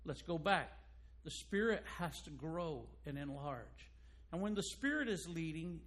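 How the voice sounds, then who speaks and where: A man preaching a sermon as pastor, emphatic and rising louder on key points. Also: a little high.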